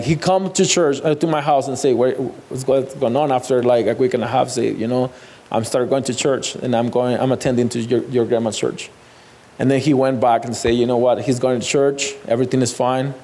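A man's voice: mid-range voice, fairly even intonation, dark tone. Man telling his testimony. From Mexico. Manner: halting, repeats words, non-native phrasing. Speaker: guest sharing testimony. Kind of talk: personal testimony.

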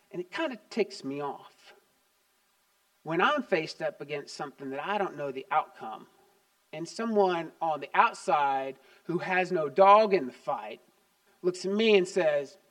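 High-voiced grandfather preaching a sermon. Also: animated, measured pace. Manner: storytelling, dynamic swings from loud emphasis to quiet asides. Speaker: pastor.

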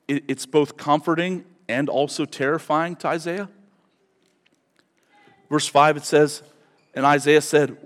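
A man's voice: medium pitch, fairly bright tone. A male pastor delivering a sermon in a conversational, digressive way with dramatic emphasis. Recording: long reverb of a large hall.

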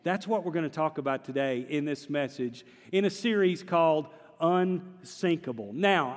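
Man, pastor, high voice, humorous sermon, animated storyteller, long hall echo. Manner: humorous, animated storytelling, asks the congregation questions.

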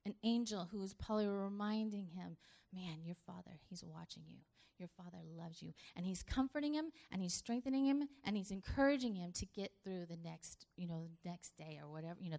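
A woman's voice: fairly low pitch, moderate pace. Earnest woman preaching conversationally. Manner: conversational, earnest, swings between hushed and emphatic. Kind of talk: sermon.

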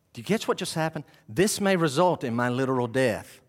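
A man preaching a sermon to his congregation, animated and full of questions to the room. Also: medium pitch, fast talker, few pauses. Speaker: pastor. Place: church sanctuary with congregation.

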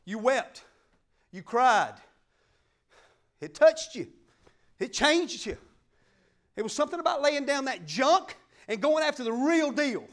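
A fervent middle-aged preacher, his voice pitched unusually high. He swings from ringing, emphatic declarations to quiet, intimate asides as he preaches. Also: sing-song, unhurried, pauses often. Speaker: pastor. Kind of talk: sermon.

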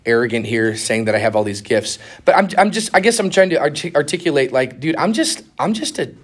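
This young conference speaker's voice sits a little high and comes out very animated and fairly quick. During his master-class teaching talk he tells stories casually and earnestly, mixing in slang and restarts.

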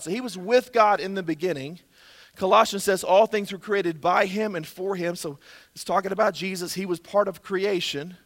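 A man preaching a sermon as pastor, energetic and exclamatory, often breaking into laughter. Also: sits high, big-room sound.

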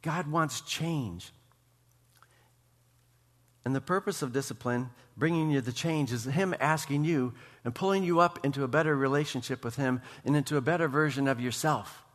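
A man's voice: medium pitch, normal speed. A man preaching a sermon as pastor, building passion with emphatic repetition. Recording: long reverb of a church hall.

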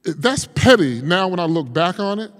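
A man preaching as a pastor, telling a personal story with feeling and moving from hushed passages to loud, fervent ones. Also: high voice, very animated, normal speed, long reverb tail. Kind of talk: sermon.

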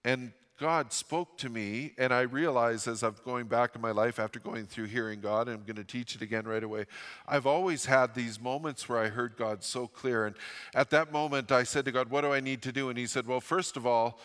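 A man in his fifties from Western Canada preaching a sermon as pastor, reading scripture dramatically and dropping into a soft, confiding tone for personal stories. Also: medium pitch. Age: 50s. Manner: dramatic scripture reading, slowing and rising on quoted lines. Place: church sanctuary. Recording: long hall reverb from a church sanctuary.

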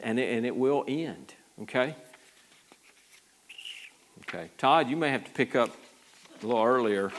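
A man preaching a Bible-study sermon, talking conversationally with many stammered restarts and sudden lively jumps when he acts out what people say. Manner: animated, jumps high when acting out quotes. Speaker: pastor.

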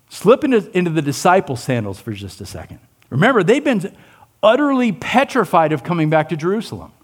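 A man preaching a sermon in a fairly high voice whose pitch swings widely. He questions his listeners, plays out quoted lines, and sinks low and quiet on his weightiest points. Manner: animated, asks the listeners questions, acts out quotes; drops low and soft on key lines. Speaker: pastor.

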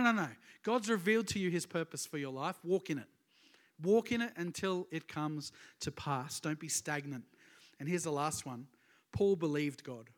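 Preacher guy with a high voice, earnest n emphatic, cracks little jokes as he teaches. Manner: earnest and emphatic, with joking asides. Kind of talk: sermon with Bible teaching.

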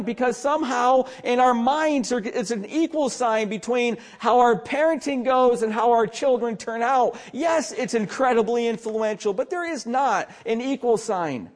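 A man preaching an earnest sermon as pastor, with emphatic stress and quiet asides. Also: very high voice, normal speed, hardly any pauses.

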